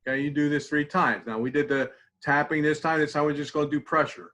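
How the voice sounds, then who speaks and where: A middle-aged man teaching a mindfulness tapping exercise in a classroom, talking conversationally and repeating phrases softly as he demonstrates. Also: a little high, fairly quick, poor audio. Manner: conversational, repeats phrases while demonstrating, drops to quiet murmurs. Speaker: mindfulness instructor.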